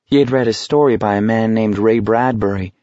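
A man narrating an audiobook in a measured, steady reading voice. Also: fairly low pitch, no echo. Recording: dull lo-fi recording.

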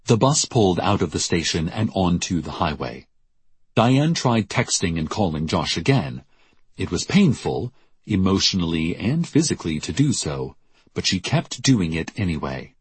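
A man narrating a novel as an audiobook in a measured, deadpan storytelling manner. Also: deep voice, husky.

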